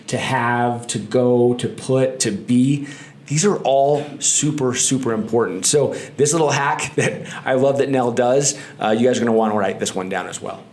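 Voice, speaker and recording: A man's voice: medium pitch, darkish tone. A man co-hosting a language podcast, upbeat and jokey, talking straight to the listeners in casual chat. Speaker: podcast co-host. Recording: roomy studio echo.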